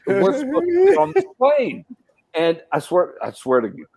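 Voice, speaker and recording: A middle-aged man, a podcast guest and actor, telling casual anecdotes in a rambling way, full of restarts and fillers, and turning animated when he acts out what others said. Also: very high voice, moderate pace, gravelly, breathy edge, dry recording, poor audio. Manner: animated when acting out quoted speech.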